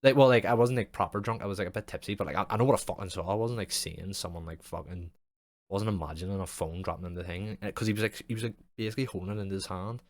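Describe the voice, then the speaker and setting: A young man with a low voice talks casually on his podcast, rambling through a story with plenty of swearing and fillers. The sound is dry and close, with no room behind him. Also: fast talker, no room sound. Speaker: podcast host. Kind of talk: casual chat.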